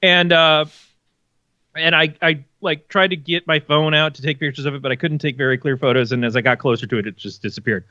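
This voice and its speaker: A man's voice: a little high, steady tone, fairly quick, pushed and bright, dry recording, highs cut off. A man co-hosting a podcast in casual chat, telling stories animatedly with plenty of swearing. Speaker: podcast co-host.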